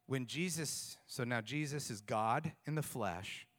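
A middle-aged man preaching a sermon, telling personal stories in an animated, self-mocking way. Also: mid-range voice, a little slow. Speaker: pastor.

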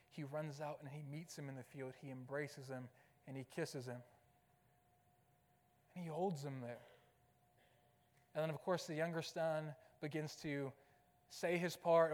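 A man's voice: on the high side, long reverb tail. A man preaching a sermon as pastor, talking conversationally and posing rhetorical questions to the congregation. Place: church sanctuary.

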